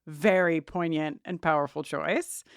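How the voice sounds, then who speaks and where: A woman's voice: low voice, steady tone, a little slow, vocal fry, smooth, dry recording, studio quality. A woman co-hosting a podcast, talking earnestly in a casual, emotional way, with many restarts and fillers. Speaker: podcast co-host.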